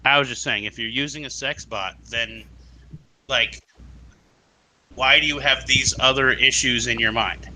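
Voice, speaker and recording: A man's voice: mid-range voice, fairly even intonation, unhurried, pauses often, bright, forceful tone, low-quality recording. A man in a casual live group chat who jumps in eagerly and repeats his openings. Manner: eager, interrupting, repeats himself. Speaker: guest on a live hangout.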